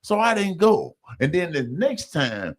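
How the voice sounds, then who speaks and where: A man with a fairly high, lively voice that swings up and down as he tells his story. He talks loosely and conversationally, calling his listeners y'all. He slips into other people's voices when he quotes them. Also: a little slow. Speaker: recovery speaker sharing his story. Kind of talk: personal storytelling.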